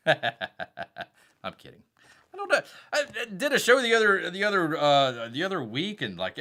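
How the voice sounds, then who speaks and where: A man's voice: fairly high pitch, very animated, moderate pace, bright, forceful tone, soft background music. A man with a Southern accent hosting a casual live stream, rambling, reading viewer chats and calling himself by a nickname in third person. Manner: reads out viewer chat messages.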